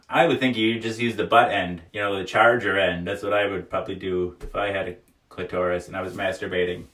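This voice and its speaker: A man's voice: deep voice, fairly even intonation, brisk, a bit bright, distant mic. A man hosting a casual livestream, reading viewer comments aloud, often laughing and joking frankly. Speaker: livestream host. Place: small wooden sauna. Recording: echoey room, voice away from mic.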